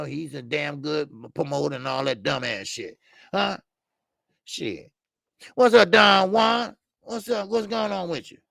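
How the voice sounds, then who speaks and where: Older male boxing host, gravelly, high-pitched, blunt and profane, rambling, dry close sound. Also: a bit bright, no echo. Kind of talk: casual live-stream commentary.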